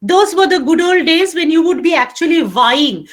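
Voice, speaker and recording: Middle-aged Indian English woman, literature teacher, high voice, animated and emphatic. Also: moderate pace. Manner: animated, emphatic, repeats key phrases for note-taking. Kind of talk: online literature lecture.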